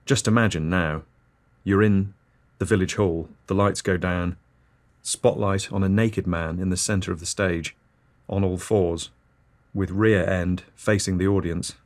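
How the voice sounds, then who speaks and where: A man's voice: low-pitched, moderate pace. A man hosting an absurdist comedy podcast, reading scripted nonsense in a dry, matter-of-fact way. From Britain.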